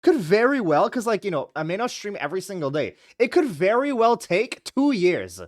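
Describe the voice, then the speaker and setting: Streamer, casual live-stream chatter with reading aloud; very bouncy pitch, rambling delivery. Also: no echo, studio quality. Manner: animated and rambling, full of "like" and quick laughs.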